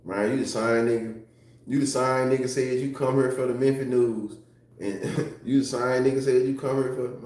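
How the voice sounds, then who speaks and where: Man, casual livestream chat, profane and laughing, mid pitch, very echoey room. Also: normal speed, a little mellow. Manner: loose, profane, laughing often.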